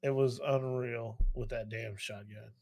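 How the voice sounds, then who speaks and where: A man's voice: mid-range voice, fairly even intonation, a little slow, creaky, darkish tone. A man, teasing his friends in casual chat.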